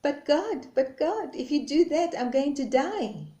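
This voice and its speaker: A woman voicing a devoted, anxious female reed in a spoken parable, her voice lifting high when she pleads, recorded in an echoey room. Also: expressive, measured pace, warm tone. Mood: pleading. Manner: imploring, rising in alarm.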